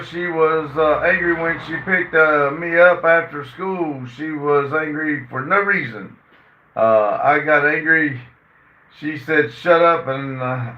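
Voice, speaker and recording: Guy reading out chat on his phone stream, lotsa uh's, kinda high voice, sounds far off and muffled. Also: a little hiss or hum. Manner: reads chat messages aloud and answers them; halting, frequent "uh" fillers. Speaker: livestream host reading viewer comments. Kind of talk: casual chat. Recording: roomy, distant and dull phone audio.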